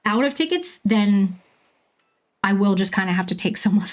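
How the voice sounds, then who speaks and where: A Bermudian woman of about thirty streams herself playing a game and chats casually with her viewers. Her medium-pitched voice is animated, she laughs often, and she fills pauses with ums.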